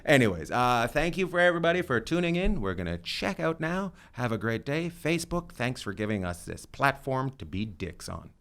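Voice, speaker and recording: A man's voice: medium pitch, big pitch swings, moderate pace, few pauses, fairly bright tone. A middle-aged man hosting a podcast, chatting in a rambling, joking, self-deprecating way. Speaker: podcast host. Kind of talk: casual chat.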